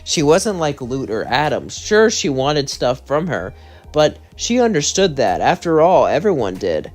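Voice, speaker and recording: A man's voice: fairly high pitch, big pitch swings, unhurried, soft background music. Casual male fan-fiction storyteller.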